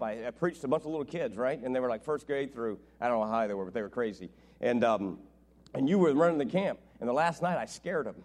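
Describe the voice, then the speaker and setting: A middle-aged man preaching as a visiting pastor, telling jokes and family stories in an animated way. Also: mid-range voice. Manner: joking, animated storytelling. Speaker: guest preacher. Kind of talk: sermon.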